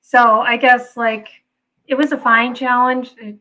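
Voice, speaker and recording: Bright, high-voiced young woman. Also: little pitch movement, unhurried, poor audio. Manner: hesitant, trails off with "so". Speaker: podcast co-host. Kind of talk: casual recap chat.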